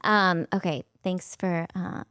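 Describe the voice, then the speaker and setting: A woman's voice: on the low side, fairly even intonation, takes it slowly, a bit bright, clean tone, dry recording, studio quality. A woman in her thirties hosting a podcast, chatting casually, laughing often and acting out both sides of conversations. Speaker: podcast host. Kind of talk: casual chat.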